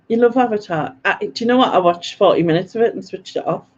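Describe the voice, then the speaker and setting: A woman's voice: medium pitch, normal speed, darkish tone, slightly rough, dull audio. A woman hosting a live quiz stream, chatty and self-mocking, laughing often as she reads out viewer comments. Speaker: quiz host.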